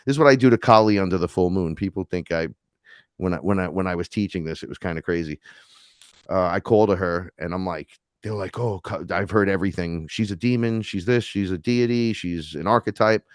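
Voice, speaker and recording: New guy, lowish voice, chatty and animated, acts out voices, dry close sound. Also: fairly quick, clean tone, dry recording. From New York City. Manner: animated storyteller acting out quoted voices. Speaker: podcast guest, neo-shaman. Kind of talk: casual chat.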